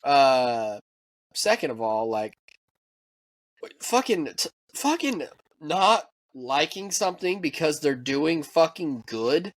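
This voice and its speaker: Casual podcast co-host: American man, fairly high voice, swearing freely, animated rant. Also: takes it slowly. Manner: profane, animated ranting with mock quoted voices. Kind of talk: casual chat.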